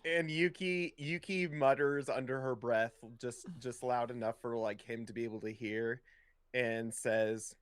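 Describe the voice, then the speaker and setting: A man's voice: mid-range voice, steady tone, measured pace, clear, resonant tone, no echo. A young man casually describing his character's actions in a tabletop game, with lots of hesitations. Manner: casual, hesitant, many fillers. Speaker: player.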